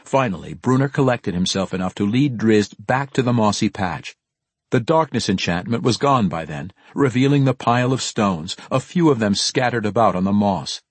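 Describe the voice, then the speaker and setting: A man narrating a fantasy audiobook in a measured, expressive storytelling manner. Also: on the low side, breathy edge, no room sound.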